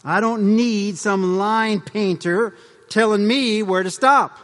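A defiant driver who won't take orders from anyone, voiced by a man. He is emphatic and pitched high. His voice trails off in long hall reverb. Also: slow, fairly bright tone. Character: defiant stubborn male pickup driver.

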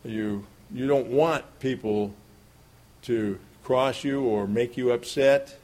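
A man's voice: medium pitch, slow pace, a little mellow. A middle-aged man preaching in a plain, folksy way. He tells his stories like he is chatting with his congregation and often breaks into a chuckle. His voice sits in an ordinary middle range. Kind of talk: sermon with a personal story.

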